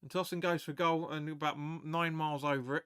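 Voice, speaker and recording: Male fan host, bright raised voice, dry close mic, excitable live match chatter. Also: fairly high pitch, brisk, clear, resonant tone, no room sound. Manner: excitable, chatty, swears, reads viewer comments aloud. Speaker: fan watch-along host. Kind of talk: live match watch-along commentary.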